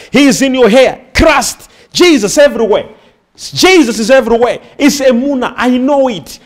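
Male preacher, high and lively pitch, emphatic, repetitive, call-and-response. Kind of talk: sermon.

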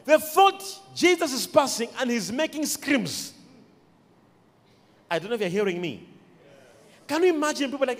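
A man preaching a sermon, emphatic, with sudden shouted peaks and quiet asides, recorded in an echoey church hall. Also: very high voice, very animated, moderate pace, long pauses.

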